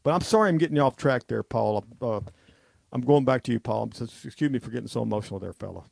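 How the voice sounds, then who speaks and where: A man's voice: medium pitch, quick pace, vocal fry, darkish tone, no room sound. A man hosting a talk show, ranting in an agitated, rambling way and repeating himself. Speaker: radio talk show host.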